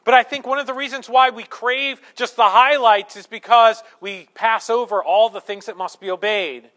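A man's voice: very high voice, fairly even intonation, normal speed, sharp tone. A man preaching a sermon as pastor, earnestly teaching through scripture point by point in a church.

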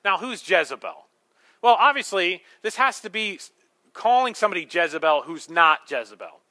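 A man's voice: high-pitched, sing-song, moderate pace, sharp tone. A male pastor preaching a sermon, emphatic, with rhetorical questions and humorous asides.

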